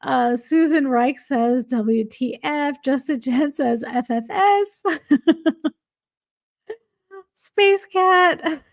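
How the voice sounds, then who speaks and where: A woman's voice: sits high, extremely slow, long pauses, no echo, clean studio sound. A woman hosting a casual livestream, reading viewer comments aloud and laughing often. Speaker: livestream host.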